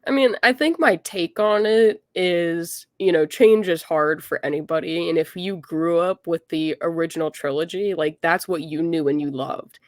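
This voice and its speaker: A woman's voice: on the low side, normal speed, few pauses, dry recording, studio quality. A young adult woman, a guest chatting casually and upbeat as a fan, with lots of fillers.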